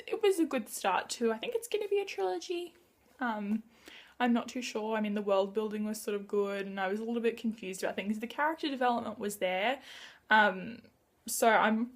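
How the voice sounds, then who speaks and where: A woman chatting excitedly through a casual book wrap-up vlog, gushing and chatty. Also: on the high side. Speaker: book vlogger.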